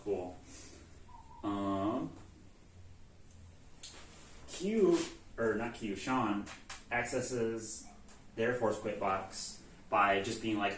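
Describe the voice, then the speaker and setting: A man with a lowish voice takes it slowly, with long pauses, as he hosts a recap of a video game series. He casually rambles through the story, full of "like" and cursing, acting out lines, in an echoey room far from the mic with faint ambience and a little hiss or hum.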